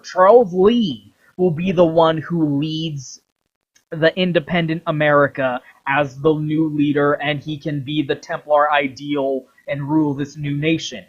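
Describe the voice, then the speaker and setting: A man retelling a game story in a long, animated ramble full of swearing, on a dull lo-fi recording. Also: on the high side, measured pace, breathy edge. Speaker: video creator.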